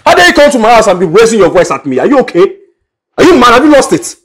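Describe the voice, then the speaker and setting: A hesitant, stammering doctor. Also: male voice, fairly low pitch, measured pace, rough recording. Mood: indignant. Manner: hesitant, stammering when unsure. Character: mild-mannered male doctor, a girl's guardian. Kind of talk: film drama acting.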